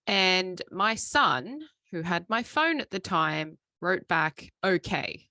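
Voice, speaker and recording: A woman co-hosting a podcast, telling stories and giving calm advice in a casual, easygoing way. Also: on the low side, slow pace, hardly any pauses, no room sound, clean studio sound. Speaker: podcast co-host. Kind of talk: casual chat.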